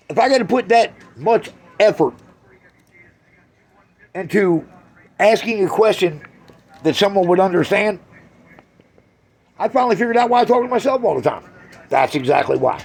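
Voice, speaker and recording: A man doing a crude, brash stand-up routine on a club stage, swinging from loud jabs to low mutters. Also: creaky, slightly rough. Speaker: stand-up comedian.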